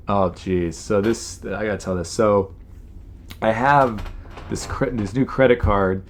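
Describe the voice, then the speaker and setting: A man hosting his podcast, telling stories in a rambling casual monologue full of "you know" fillers and exasperated imitations of people. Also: fairly low pitch. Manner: mimics people in exasperated quoted asides. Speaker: podcast host.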